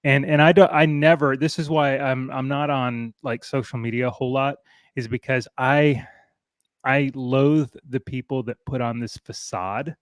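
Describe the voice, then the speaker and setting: Halting man hosting a casual podcast. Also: medium pitch, steady tone, no echo. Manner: halting, repeats words, storytelling. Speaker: podcast host. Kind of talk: casual conversation.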